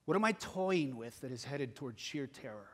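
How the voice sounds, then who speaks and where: A man's voice: mid-range voice, animated, normal speed, a bit bright. A male pastor preaching a sermon, earnest and building to urgent exhortation. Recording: long hall reverb.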